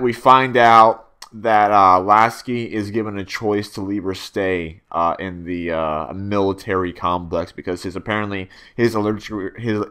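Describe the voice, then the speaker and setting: A man's voice: on the low side, a bit bright, smooth. A young man giving a casual spoken video review, rambling with many fillers and restarts and swearing freely.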